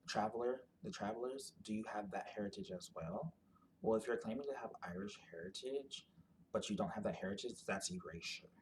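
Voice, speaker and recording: A commentator on genetic ancestry talks through the topic off the cuff in a fairly low, slightly mellow voice. The casual explanatory monologue rambles, full of "like" and restarted sentences as he circles back to work out his points, with a faint hiss under the recording.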